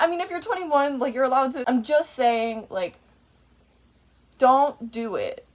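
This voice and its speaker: A woman in her twenties talking to camera in a rambling, tangent-filled monologue, swearing freely. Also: mid-range voice. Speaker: vlogger.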